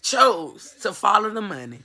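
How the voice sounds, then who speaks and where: Forceful woman pleading earnestly. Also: medium pitch, big pitch swings, measured pace, gravelly. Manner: earnest, pleading, repeats phrases for emphasis. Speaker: mother giving a personal testimony. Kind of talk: emotional personal testimony to camera.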